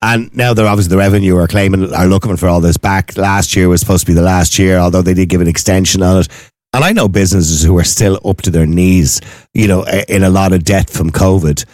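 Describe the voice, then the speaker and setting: A man's voice: low-pitched, fairly even intonation, fast talker, darkish tone, no echo, clean studio sound. An Irish man hosting a casual chat, asking probing questions conversationally.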